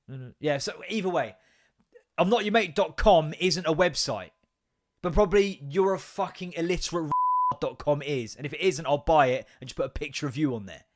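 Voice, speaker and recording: An English man hosting a podcast, ranting casually, swearing a lot and laughing often. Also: fairly high pitch. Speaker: podcast host. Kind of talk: casual comedic rant.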